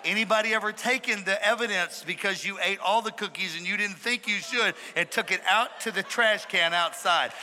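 A man preaching a sermon to a congregation, emphatic and playful, calling on the crowd to shout back. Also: high-pitched, normal speed, hardly any pauses, slight background noise. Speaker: pastor. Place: large church hall. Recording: echoey hall reverb.

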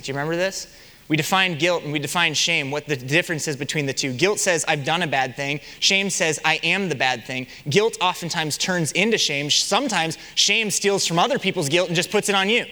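Lively, bright-voiced young male preacher. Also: sits high, in a large hall. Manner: animated storytelling with rhetorical questions. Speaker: pastor. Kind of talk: sermon.

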